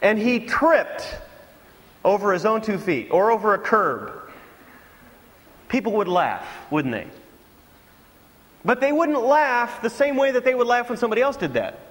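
A man's voice: high-pitched, unhurried, long pauses, long reverb tail. A man preaching a sermon to his congregation, telling stories and acting out mocking voices. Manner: animated storytelling with mocking impressions. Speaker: pastor.

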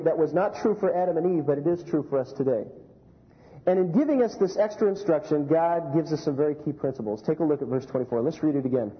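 A high-pitched male pastor preaching in a church, lively and animated, telling anecdotes and asking the room questions. The sound is muffled and carries a long echo from the sanctuary. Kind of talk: sermon.

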